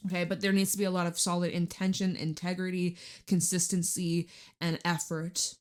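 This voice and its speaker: A young adult woman talks through a tarot spread in a loose, chatty way, slipping in the odd swear word. Her voice sits a little low for a woman. She sounds recorded at home. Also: level tone, normal speed. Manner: chatty, emotional, swears casually. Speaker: tarot reader. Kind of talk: casual tarot reading monologue.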